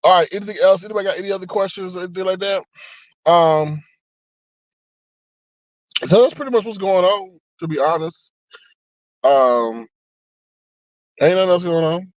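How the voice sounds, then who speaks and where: On a live stream, a man with a fairly high voice chats casually, reading viewer comments out loud and answering them, laughing often and tossing in asides. The audio has no echo, and the high frequencies are cut off.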